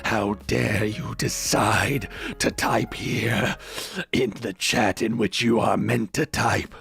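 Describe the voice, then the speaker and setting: A man voicing a cruel, gloating personified website in a slow, low, menacing way. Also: level tone, creaky, a bit bright, soft background music, exaggerated voice.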